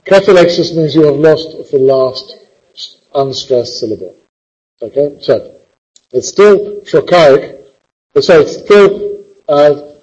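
A man's voice: medium pitch, a little mellow, breathy edge, muffled recording. A man teaching a poetry class, quizzing the students with a teasing, theatrical, impatient manner.

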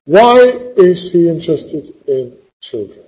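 A man lecturing a class on poetry, animated and teasing, with sarcastic asides. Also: a little high, takes it slowly, husky. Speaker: literature lecturer. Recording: dull lo-fi classroom recording.

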